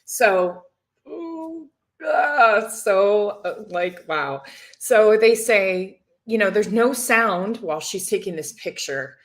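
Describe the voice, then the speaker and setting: A woman's voice: mid-range voice, expressive, slow. A woman hosting a casual livestream, chatting, laughing and reading viewer comments aloud. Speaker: livestream host reacting to a reality show.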